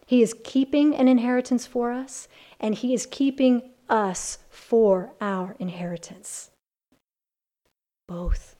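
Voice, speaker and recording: A woman teaching a Bible study to a group of women, earnest and building from hushed to emphatic. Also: on the high side, slow.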